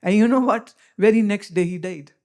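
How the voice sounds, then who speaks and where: A woman speaking English with an Indian accent delivers a spiritual talk to her followers. Her manner is emphatic and lecturing, and she presses her points with rhetorical questions at a middling pitch. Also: brisk, a little mellow. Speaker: spiritual teacher.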